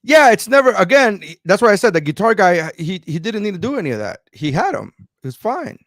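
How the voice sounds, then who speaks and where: A man's voice: high-pitched, sing-song, a little fast, no room sound, clean studio sound. A man who is a comedian and podcast co-host, speaking bluntly and profanely in casual chat.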